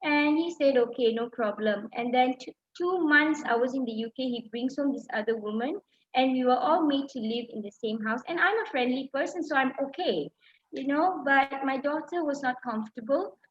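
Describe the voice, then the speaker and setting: A woman's voice: high voice, normal speed. A middle-aged woman from Malaysia telling a personal story in a talk, emotional and full of fillers and restarts. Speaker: speaker. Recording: dull lo-fi sound.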